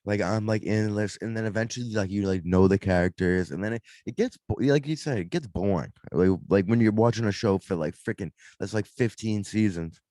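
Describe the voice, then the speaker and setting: A young man with a low, warm voice. He talks bluntly in casual radio banter, swearing freely. The sound is dry, close and without room echo. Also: a little fast, hardly any pauses. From Massachusetts, near Boston. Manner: blunt, swears freely, says "bro" and "dude". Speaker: podcast co-host. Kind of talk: casual profane chat.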